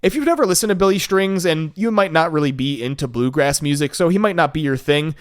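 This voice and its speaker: Laid-back guy hosting his podcast solo, kinda high voice, super dry sound, gets excited and swears a bit. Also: fast, clear, resonant tone, no room sound. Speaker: podcast host. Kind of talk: casual solo podcast chat.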